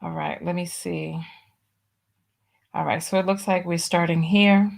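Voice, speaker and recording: Woman, stream host, slow, drawling, exclamatory, casual chat. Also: lowish voice, steady tone, gravelly. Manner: drawling, exclamatory, reads viewer comments aloud.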